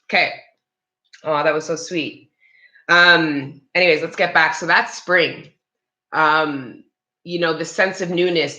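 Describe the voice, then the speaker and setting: Her pitch is extremely low and a bit bright as she, a tarot reader, hosts a live-streamed reading. She talks straight to the people in her live chat, rambling and chatty with many restarts, and the room echoes noticeably.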